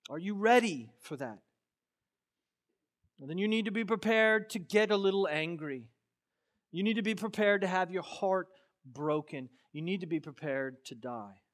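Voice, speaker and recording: High-pitched impassioned preacher man. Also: moderate pace. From Florida. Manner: impassioned, swings from quiet to loud; casual storytelling with fillers. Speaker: pastor. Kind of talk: sermon.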